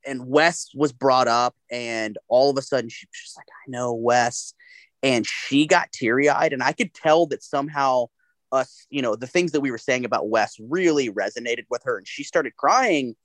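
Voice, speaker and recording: A man telling animated, profane anecdotes in a casual podcast chat. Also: medium pitch, normal speed, dry recording.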